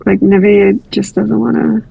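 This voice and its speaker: Husky gravelly woman in a trading chat. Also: medium pitch, level tone, a little slow, lo-fi sound. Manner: laughs easily, teasing. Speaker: trader.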